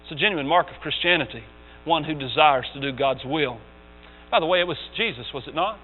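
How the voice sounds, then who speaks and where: A male pastor preaching a sermon. He talks emphatically and drops into quiet asides. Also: fairly high pitch, sing-song, moderate pace. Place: church sanctuary. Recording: tinny lo-fi church recording, long reverb, mains hum.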